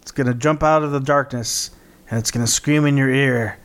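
A man's voice: mid-range voice, steady tone, normal speed, a little hiss or hum. A man co-hosting a podcast in casual chat, joking and playful. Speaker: podcast co-host.

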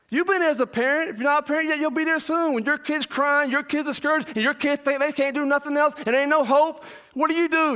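A man, a pastor and father, preaching an impassioned verse-by-verse sermon, shouting much of it and then dropping to a low voice. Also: a little fast, hardly any pauses. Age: young adult or middle-aged parent.

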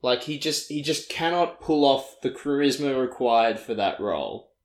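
A man co-hosts a casual podcast, recapping a film in a rambling way full of fillers and false starts. His voice sits at a middling pitch and sounds echoey, as if he is in a bare room. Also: lively intonation, normal speed. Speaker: podcast co-host. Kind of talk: casual chat.

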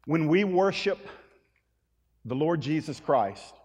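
Male pastor, sermon, emphatic proclaiming, slightly high voice, long church reverb. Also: lively intonation, slow pace, breathy edge. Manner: rises to loud, emphatic proclamation when reading scripture. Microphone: handheld or stage mic.

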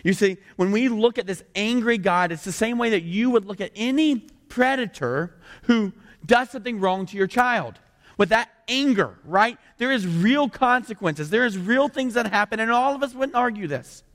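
A man's voice: high voice, animated, moderate pace, a bit bright, in a large hall. A male pastor preaching a sermon in a church, conversational and full of rhetorical questions. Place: church sanctuary.

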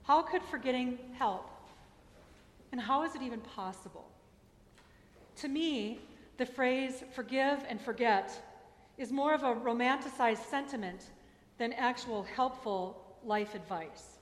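A woman's voice: on the high side, unhurried. A woman pastor reading scripture and preaching a sermon in a candid, personal way, with emphatic asides. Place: church sanctuary. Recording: echoey church hall.

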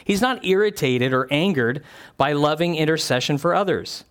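A man's voice: on the high side, lively intonation, normal speed, clean tone. A man preaching a sermon, reading scripture aloud and explaining it in an earnest, conversational way, often asking his listeners questions.

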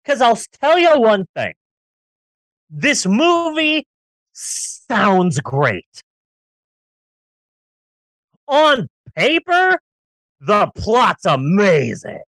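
A man's voice: high voice, huge pitch swings, extremely slow, long pauses, a bit bright, no room sound. A man co-hosting a casual movie-review podcast, ranting sarcastically and riffing with jokes. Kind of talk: casual comedic film review chat.

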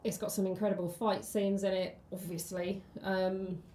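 A woman's voice: medium pitch, level tone, moderate pace, warm tone, a little hiss or hum. A woman, co-hosting a casual film podcast and chatting with many ums and restarts. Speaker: podcast co-host. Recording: roomy echo.

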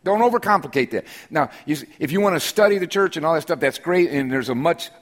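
Middle-aged male pastor, fairly high voice, sermon delivered in a chatty, storytelling way that builds to strong, repeated declarations. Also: fast talker. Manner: conversational storytelling with humor, rising to emphatic declarations. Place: church sanctuary during a service.

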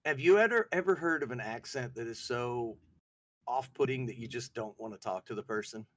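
A man's voice: medium pitch, fairly quick. A man from the Southern US with a Southern accent, co-hosting a casual comedic chat and acting out silly voices. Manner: animated, jokey, acts out voices. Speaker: podcast co-host.

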